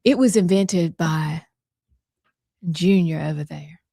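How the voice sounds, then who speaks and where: A woman's voice: sits low, slow pace, creaky, mellow, no room sound, clean studio sound. A woman hosting a talk show in a chatty, easy-laughing way. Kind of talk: casual radio chat.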